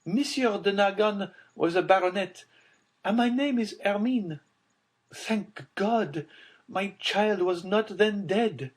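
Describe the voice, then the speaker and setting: A man voicing a distraught middle-aged aristocratic mother, pleading in a high, loud, tearful voice in an audiobook. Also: slow. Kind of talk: audiobook character voice.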